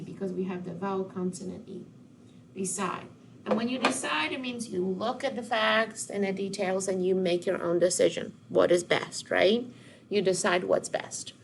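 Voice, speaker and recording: Woman teacher, patient and encouraging, some vocal fry, light background noise. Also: medium pitch. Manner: patient, drawn-out word modeling with call-and-response prompts. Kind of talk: recorded phonics lesson.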